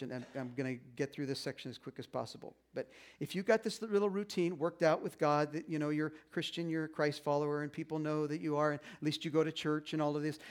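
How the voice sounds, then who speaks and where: A man preaching a sermon as pastor, in a conversational way, acting out little voices and quotes. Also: fairly high pitch.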